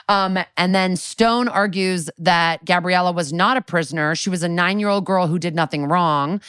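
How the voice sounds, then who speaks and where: A woman's voice: lowish voice, brisk, few pauses, fairly bright tone, clear, resonant tone, dry recording, clean studio sound. A woman co-hosting a podcast, chattily recapping a TV episode with sarcastic asides and quoted lines. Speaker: podcast co-host. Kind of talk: casual recap chat.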